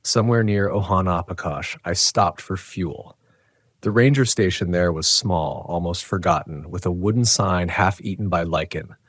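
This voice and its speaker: A man with a very deep, low voice reading a scripted horror story, measured and tense. The sound is dry and close-miked, with no room at all. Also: fairly bright tone, no echo. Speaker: narrator.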